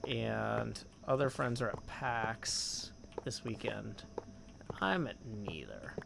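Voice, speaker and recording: A man's voice: fairly low pitch, expressive, slow, vocal fry, background noise. A man chatting casually on a gaming livestream at his desk mic, rambling, reading chat aloud and humming to himself. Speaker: streamer.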